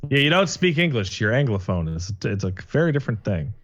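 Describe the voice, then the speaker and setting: A man's voice: mid-range voice, big pitch swings, fairly quick, a bit bright, muffled recording. A Canadian man co-hosting a casual podcast with wry, profane banter. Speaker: podcast co-host. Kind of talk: casual chat.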